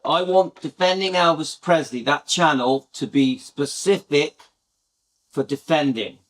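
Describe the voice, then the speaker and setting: Chatty, high-voiced British host. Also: male voice, a little slow, fairly bright tone. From Britain. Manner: chatty, enthusiastic, rambling. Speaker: channel host. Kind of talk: casual chat to viewers.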